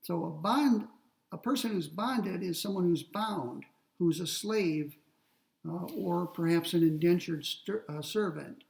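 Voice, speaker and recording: A man lecturing on ethics, explaining step by step in a deliberate way and slowing down to read quoted passages. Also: sits high, vocal fry, darkish tone, far from the mic, low-quality recording. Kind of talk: classroom lecture.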